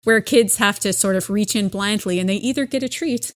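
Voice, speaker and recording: A woman's voice: medium pitch, a little fast, dry recording. A woman running a tabletop game as game master, narrating the scene in a playful way and laughing often.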